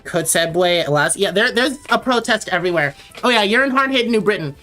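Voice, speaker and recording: A woman's voice: medium pitch, animated, fairly quick, fairly bright tone, faint music behind. A young woman from Connecticut chatting casually on a late-night drawing livestream, rambling and answering viewers as she reads their messages aloud. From Connecticut, USA.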